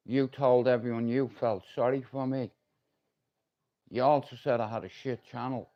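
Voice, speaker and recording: A man's voice: medium pitch, lo-fi sound. A middle-aged man, ranting and swearing on a livestream. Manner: confrontational, swearing, threatening.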